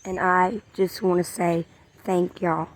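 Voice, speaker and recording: A woman talks slowly and earnestly in a faith vlog. Her voice sits low, and she often repeats phrases or lets them fade to a whisper. Birdsong and outdoor sounds carry behind her. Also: flat delivery. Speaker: vlogger. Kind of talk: emotional faith-sharing vlog.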